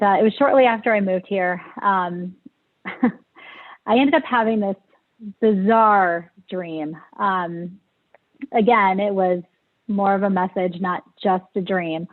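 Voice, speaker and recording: A woman guest tells a personal story, talking hesitantly with many fillers and plenty of emotion. Her pitch sits in the middle range. The audio comes through thin and tinny, like a phone line.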